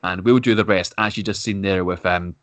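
A man's voice: low voice, fairly even intonation, brisk, a bit bright, no echo. A man co-hosting a casual podcast, laughing often and running a game segment with easygoing patter. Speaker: podcast co-host.

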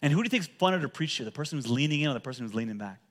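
A man preaching a sermon to a church congregation as pastor, energetic and humorous, often repeating words and calling for responses. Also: a little high, racing.

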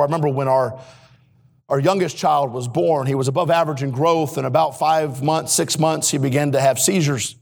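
A male missionary preaching in a church, his voice pitched high with a gravelly edge. He moves between quiet, earnest moments and emphatic, raised passages, speaking straight to the congregation. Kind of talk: sermon. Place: church sanctuary.

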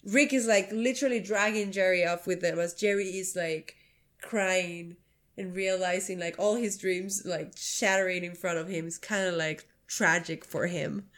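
A woman co-hosting a podcast, retelling cartoon scenes with animated storytelling and casual swearing. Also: fairly low pitch. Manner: animated storytelling, swears, quick agreeing fillers. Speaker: podcast co-host. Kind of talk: casual chat reviewing a cartoon episode.

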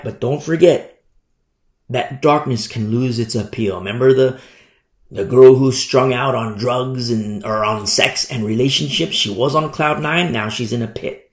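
Gravelly man preaching in an echoey room. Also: mid-range voice. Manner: emphatic, repeats phrases for effect. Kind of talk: sermon.

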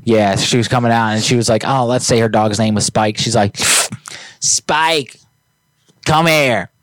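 A man's voice: on the low side, flat delivery, fairly quick, dry recording. A man co-hosting a casual live-stream show, telling stories in a crude, joking way with lots of fillers. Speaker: podcast co-host.

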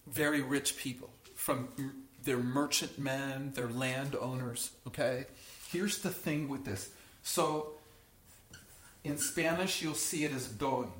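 An earnest man leads a small-group Bible lesson in a voice of middling pitch. He stresses his key words, breaks off and restarts phrases, and keeps checking with his listeners. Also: reverberant. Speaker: Bible teacher.

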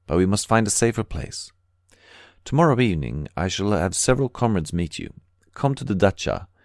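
A man's voice: fairly low pitch, lively intonation, normal speed, a little mellow, dry recording, clean studio sound. A man voicing an earnest, conspiratorial emigrant bookseller in an audiobook, speaking with grave urgency. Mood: confiding.

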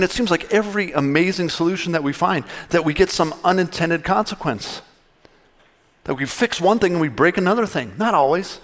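Man preaching, slightly high voice. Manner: conversational preaching, acts out dialogues with God. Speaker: pastor. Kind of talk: sermon.

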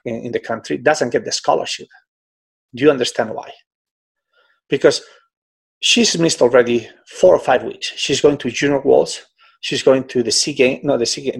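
A middle-aged man with a gravelly, husky voice, talking as a swim coach in an interview. He tells his stories in a lively, conversational way, filling his sentences with "you know". His tone stays loose and unscripted. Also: mid-range voice. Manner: animated, frequent "you know", breaks into quoted voices.

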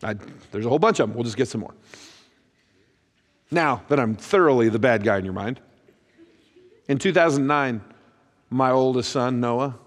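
Self-mocking preacher in a big echoey hall. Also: male voice, medium pitch, normal speed, pauses often. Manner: self-mocking, deadpan comic timing, acts out both sides of conversations. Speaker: pastor. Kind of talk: humorous sermon storytelling. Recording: long reverb of a large hall.

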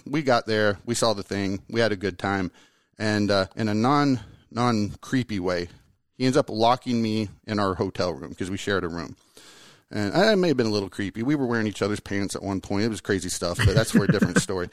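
A man hosting his own podcast in casual, energetic chat, joking and rambling as he talks to a guest. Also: lowish voice, no echo. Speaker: podcast host.

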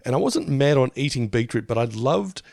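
A chatty man co-hosting a podcast, laughing easily between his points. His voice has a gravelly fry and swings up and down. The recording is dry and close. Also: medium pitch, lively intonation, moderate pace, darkish tone, no room sound. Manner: chatty, giggly. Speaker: podcast co-host. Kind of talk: casual chat.

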